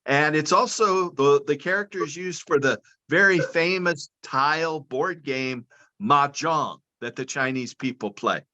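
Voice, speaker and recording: A man's voice: on the high side, measured pace, pushed and bright. A man being interviewed over a video call, explaining things patiently and step by step like a lecturer. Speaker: guest, cannabis and hemp advocate.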